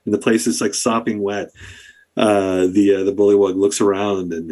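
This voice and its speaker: A man's voice: fairly low pitch, level tone, moderate pace, darkish tone. A man narrating as dungeon master in a loose, chuckling way, full of fillers. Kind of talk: narrating a tabletop game.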